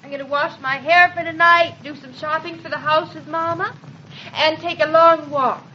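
An actress playing a scatterbrained, excitable young pregnant wife in a 1940s-style radio drama. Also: female voice, high-pitched, normal speed, slight background noise. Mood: cheerful. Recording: dull old radio recording.

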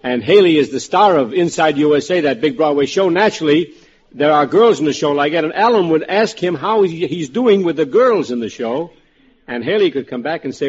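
Chatty man pitching jokes on old radio. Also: expressive, a little fast, breathy edge. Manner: chatty, frames jokes as scene setups. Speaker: comedy writer panelist. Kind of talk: ad-libbed joke pitching on a radio panel. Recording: lo-fi old radio broadcast with studio audience.

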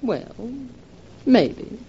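A sly flirtatious sister-in-law. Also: female voice, on the high side, sing-song, very slow, warm tone, slightly rough, exaggerated voice. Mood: cool, teasing. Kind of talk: 1940s radio acting. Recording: dull lo-fi old radio recording.

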